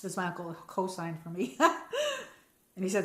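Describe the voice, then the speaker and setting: A woman's voice: on the low side, level tone, moderate pace, roomy sound. An American woman hosting a casual live-chat stream from home, rambling and reading out viewer comments. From United States. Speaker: livestream host.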